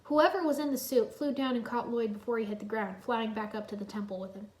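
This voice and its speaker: A woman's voice: on the high side, steady tone, quick pace, a little mellow. A woman reading a fan story aloud in plain storytelling narration. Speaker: reader. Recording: roomy echo.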